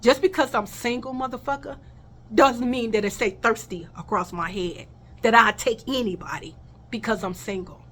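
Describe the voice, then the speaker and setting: A woman's voice: on the high side, moderate pace, fairly bright tone. A woman telling a personal story in a casual vlog, blunt and heated, swearing freely and talking straight to her viewers.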